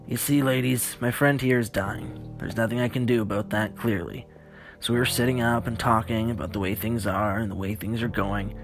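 A man's voice: on the low side, steady tone, normal speed, over music, lightly acted. A man voicing a cruel, crude male survivor who snarls taunting threats in a horror audiobook. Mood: menacing.

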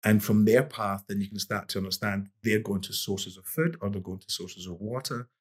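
With a low voice carrying a breathy edge, a middle-aged boxing coach talks at normal speed as a podcast guest. His storytelling is laid-back and meandering, full of restarts.

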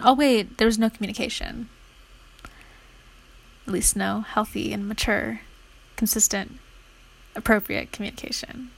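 Chatty young woman with a gravelly edge. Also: medium pitch, fairly even intonation, a little slow, pauses often, low-quality recording. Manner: rambling, chatty, lots of "like", murmurs notes half-whispered. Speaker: vlogger. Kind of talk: casual chat while studying.

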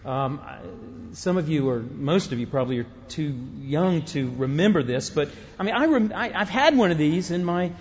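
A man's voice: a little high, expressive, normal speed, muffled recording. A middle-aged male pastor preaching a sermon in a conversational, humorous way, often breaking off and restarting his sentences. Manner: conversational and humorous, with frequent self-interruptions.

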